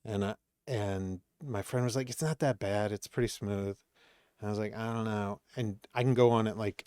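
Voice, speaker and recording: A man's voice: lowish voice, dry recording, clean studio sound. A man, a comedian chatting as a podcast guest and acting out quoted exchanges as he tells stories. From Maine, USA. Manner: animated storytelling, acts out quoted exchanges. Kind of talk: casual chat.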